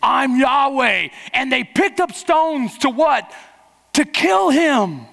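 A man preaching a sermon as pastor, fervent, rushing through some lines and slowing hard on others. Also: extremely high pitch, sing-song, vocal fry, fairly bright tone. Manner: fervent preaching, swinging from quick bursts to slow emphasis. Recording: long hall reverb.

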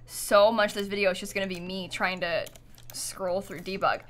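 Young female streamer, bright chatty voice, giggly storyteller, keys clicking behind. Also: medium pitch, fairly even intonation, normal speed. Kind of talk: casual livestream chat while gaming.

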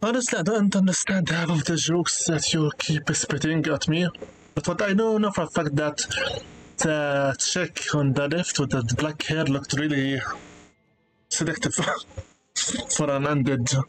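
A man's voice: on the high side, a little slow, a little hiss or hum, low-quality recording. A young man chatting casually as he plays a video game on stream, hesitant and talking back to it. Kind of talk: casual let's play commentary.

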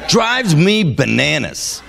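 A man preaching a sermon in a church service. He reads scripture aloud and breaks into emphatic, exasperated commentary that jumps from low reading to loud, high exclamations. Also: very animated, slow, gravelly, a loud crowd. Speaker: guest preacher.

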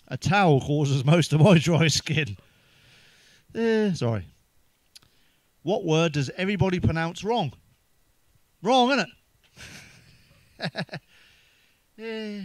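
An English stand-up comedian fires off crude one-liners, swearing freely and chuckling at his own punchlines. His voice sits a little high for a man. The sound is dry and close, with no room echo. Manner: swears heavily, laughs at his own jokes; sips a drink between jokes.

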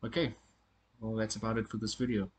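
A man giving a casual spoken lesson on pronunciation, often halting and repeating words as he corrects himself. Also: on the low side, flat delivery, slight background noise. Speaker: language teacher.

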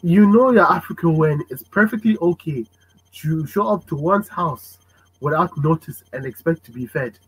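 A man hosting a casual podcast chat, animated and fond of acting out parents' voices. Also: a little high, normal speed, slight background noise, low-quality recording. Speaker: podcast host.

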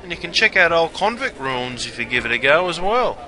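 A man's voice: fairly high pitch, big pitch swings, brisk, pushed and bright, some chatter behind, heavily acted. An Australian-accented man playing a brash, chummy pub barman who talks in slangy, matey banter. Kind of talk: scripted character narration.

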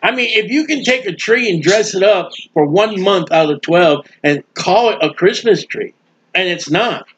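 A man preaching a sermon in a folksy, animated way, acting out the voices of people he quotes. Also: high voice, moderate pace, husky. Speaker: street preacher.

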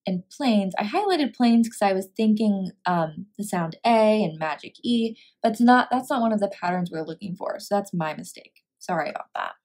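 A woman teacher reading a picture book aloud and walking through a phonics lesson, sounding out words clearly. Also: mid-range voice, lively intonation, normal speed, hardly any pauses, a little mellow.

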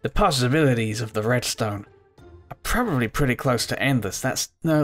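Gaming host, man, mid-pitched, rambling and excitable as he plays, with soft music underneath. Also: normal speed. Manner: rambling, excitable, yells at the game. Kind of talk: let's play commentary.

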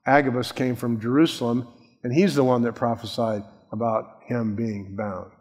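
A man, a pastor, preaching a sermon in a conversational, animated way that acts out the people he quotes. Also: mid-range voice, normal speed, breathy edge. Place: church sanctuary. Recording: long reverb of a church hall.

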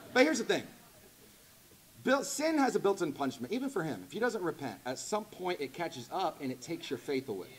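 A man preaching a sermon in a church, animated and conversational, rising to loud emphatic peaks. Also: fairly high pitch. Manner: conversational asides with laughter. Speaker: pastor.

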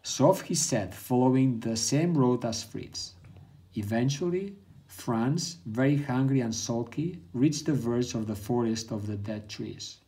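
A man reads a bedtime story aloud with a calm, measured delivery. His voice is dark and mellow, pitched in an ordinary middle range for a man.

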